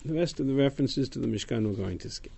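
A man's voice: mid-range voice, lively intonation, fast talker, gravelly, warm tone, slightly rough. A male teacher giving a text-study class to students, reading verses aloud, translating them and explaining them. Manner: fields student questions casually.

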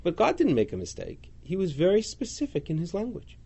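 Male teacher, higher voice, animated and lively, reading passages aloud and explaining them. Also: fairly quick, breathy edge. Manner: animated, reads Hebrew and Aramaic then translates. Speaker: Talmud class teacher. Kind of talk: text study class.

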